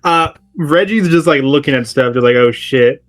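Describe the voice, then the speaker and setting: A man's voice: fairly high pitch, normal speed, a bit bright. A man playing a tabletop game, amused and chuckling as he talks. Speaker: player. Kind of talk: casual tabletop game chat.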